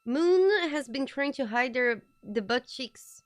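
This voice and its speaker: Brief: high-pitched woman streamer, giggly and rambling, casual desk-mic chat. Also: slow pace, no echo, clean studio sound. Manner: excitable, giggly, rambling asides. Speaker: streamer hosting a watch party.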